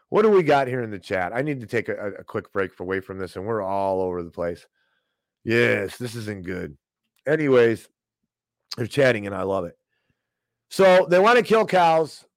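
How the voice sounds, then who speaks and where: A man's voice: on the low side, lively intonation, a little fast, no echo, poor audio. A man hosting a livestream, ranting sarcastically about the news and mocking the people he disagrees with. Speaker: online show host. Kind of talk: livestream commentary.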